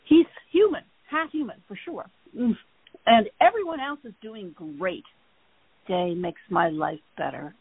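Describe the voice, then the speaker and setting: A woman hosting a casual chat, telling rambling, animated stories. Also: mid-range voice, unhurried, breathy edge, no echo. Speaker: host. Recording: tinny phone-like line.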